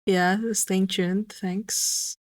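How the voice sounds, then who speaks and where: A woman's voice: mid-range voice, little pitch movement, extremely slow, no echo. A woman streamer chatting casually with her viewers, musing aloud and repeating a word over and over to test how it sounds. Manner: chatty with viewers, light swearing. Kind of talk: casual livestream chat.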